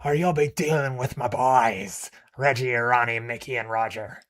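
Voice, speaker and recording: A man voicing a skeletal male pirate boss with a rasping, drawling, uncouth way of talking. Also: mid-range voice, normal speed, a bit bright, natural voice. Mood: threatening. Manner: drawling, thick uncouth accent.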